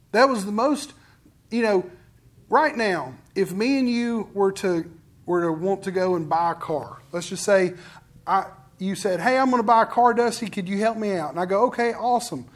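A man preaching a sermon in a conversational storytelling way, acting out what other people say. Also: sits high. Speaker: pastor.

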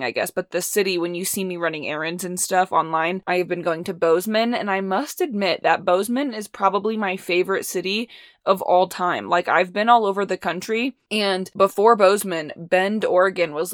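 Young Midwestern woman hosting a solo podcast, rambly and loose after some wine; lower voice, dead-dry close recording. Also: no room sound. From Indiana, USA. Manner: rambling, chatty, with many fillers. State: a bit tipsy from wine. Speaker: podcast host. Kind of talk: casual solo podcast chat.

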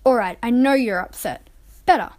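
A woman voicing a middle-aged mother in a storybook reading, speaking softly and warily. The voice sits a little high and stays gentle and careful. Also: normal speed, lightly acted. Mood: wary, gentle. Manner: wary, soft-spoken.

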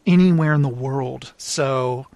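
A man's voice: mid-range voice, measured pace, no echo. A man in casual chat about movies, telling scenes and acting out lines as he goes. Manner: animated storyteller, acts out film lines.

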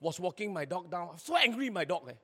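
A male pastor, preaching a sermon in an animated, exclaiming way, with many repeated words and sentence particles. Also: high voice, quick pace, slightly rough, in a large hall.

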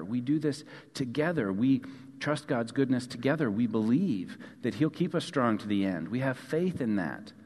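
A man preaching a sermon as a pastor, earnest, repeating key phrases and letting line endings fall soft. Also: mid-range voice. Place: church sanctuary. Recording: long hall reverb.

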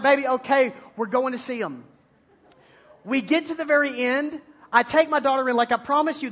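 High-pitched animated youth pastor. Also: male voice. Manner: animated, playful storytelling with loud bursts. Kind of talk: energetic youth sermon.

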